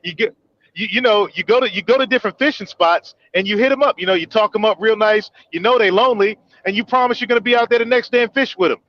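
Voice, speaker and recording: A man hosting a podcast, an animated, joking storyteller in casual banter. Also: high voice, fast talker, dull audio. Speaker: podcast host.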